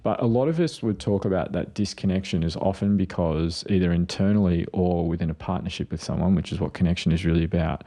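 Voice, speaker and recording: A man's voice: low-pitched, quick pace, few pauses, dark tone. A man, a mental health clinician co-hosting a parenting podcast, telling stories and acting out what people said. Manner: storytelling, acts out quotes. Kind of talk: casual parenting chat.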